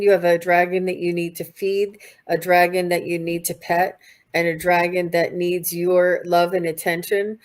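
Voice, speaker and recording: A woman doing a live spiritual reading in an unhurried, halting way. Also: lowish voice, flat delivery. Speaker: psychic reader.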